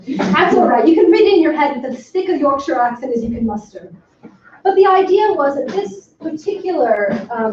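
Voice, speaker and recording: Higher-pitched woman lecturing in an echoey room. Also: darkish tone. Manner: enthusiastic, emphatic, with frequent ums. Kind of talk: academic talk to a workshop audience. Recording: far from the mic in an echoey room, dull and slightly noisy.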